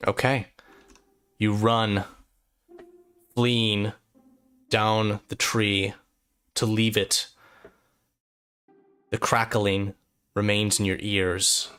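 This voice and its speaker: A man narrating a tabletop fantasy game as game master, telling a dream in measured second-person storytelling. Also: fairly low pitch, level tone, a bit bright, clear, resonant tone. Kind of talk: slow, atmospheric tabletop narration.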